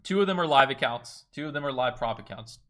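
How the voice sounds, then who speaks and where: A man's voice: medium pitch, expressive, fast talker, fairly bright tone. A young man chatting casually on a trading livestream, swearing freely and talking to his chat. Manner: swearing, laid-back, talks to chat.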